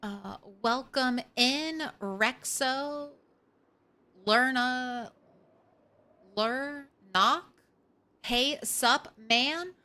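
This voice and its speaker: Slow, unhurried delivery from a young woman live-streaming a survival game. Her voice is bright and forward, and her chat is loose and casual, with the odd curse and plenty of remarks to the creatures on screen. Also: high-pitched. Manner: chatty, swears casually, talks to the game animals. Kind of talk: casual gameplay commentary.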